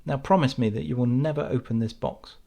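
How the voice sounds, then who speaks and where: A man's voice: mid-range voice, fairly quick, creaky. A man voicing a sorrowful young sea princess giving a solemn warning. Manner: gentle but solemn warnings.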